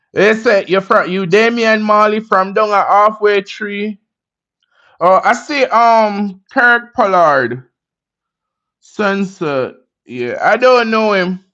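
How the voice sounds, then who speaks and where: This livestream host has a high, fairly bright voice, and he says hello to viewers in a laid-back manner full of Jamaican slang. Everything comes through as dull, lo-fi stream audio.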